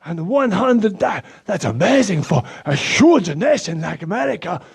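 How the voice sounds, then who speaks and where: A man voicing an excitable, proud Slovak man with a Slovak accent who speaks broken English, gushes and panics easily. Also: high-pitched, moderate pace, vocal fry, slightly rough, pitched above the performer's own voice, full character voice. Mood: boastful.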